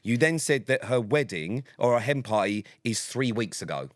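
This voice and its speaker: A man's voice: medium pitch, lively intonation, moderate pace, no room sound. A man co-hosting a podcast in casual chat, dry and sarcastic and swearing freely. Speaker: podcast co-host.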